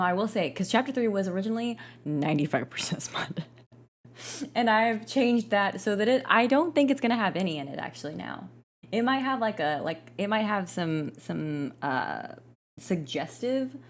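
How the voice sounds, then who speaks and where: A woman's voice: on the low side, big pitch swings, fairly quick. A young woman gaming streamer in casual live-stream chat, giggly, rambling and playful.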